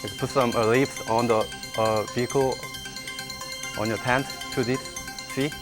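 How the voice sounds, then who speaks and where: Halting, very slow male quiz contestant. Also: medium pitch, steady tone, music in the background. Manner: halting, many fillers while searching for words. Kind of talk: giving clues in a speed quiz.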